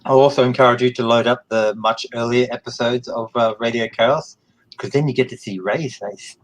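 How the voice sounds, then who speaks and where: A man hosting a casual live stream from a shared room at home, halting with many "uh" and "um". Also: mid-range voice, fairly even intonation, low-quality recording. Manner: halting, full of "uh" and "um". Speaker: show host.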